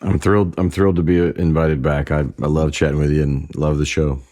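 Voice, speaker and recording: Appearing as a guest on an interview show, a singer-songwriter in his forties shares family stories at a brisk clip. His voice is very deep and low, and his relaxed, conversational delivery includes the occasional restarted sentence.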